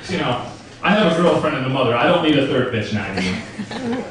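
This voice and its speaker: Profane young stand-up comic, echoey club. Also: male voice, a little high, big pitch swings, a little fast, far from the mic, crowd noise. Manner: crude, profane, casual storytelling. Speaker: stand-up comedian. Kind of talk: stand-up comedy set. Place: comedy club stage. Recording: roomy club recording from afar.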